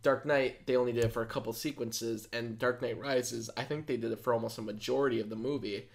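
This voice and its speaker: A man's voice: medium pitch, steady tone, creaky. Chatty young man talking movies. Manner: chatty, laughs often, quick asides. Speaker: podcast co-host. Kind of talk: casual movie chat.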